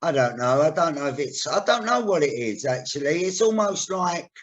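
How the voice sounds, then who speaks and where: A man's voice: fairly high pitch, big pitch swings, normal speed. A man, hosting a podcast and telling stories in a chatty way, with casual swearing. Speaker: podcast host.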